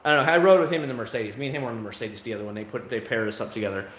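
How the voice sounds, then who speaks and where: A man's voice: mid-range voice, racing, fairly bright tone, echoey room, a little hiss or hum. A man hosting a livestream, chatting casually with viewers in a candid, rambling way full of fillers, outside his home. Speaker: livestream host. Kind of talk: casual chat answering viewers.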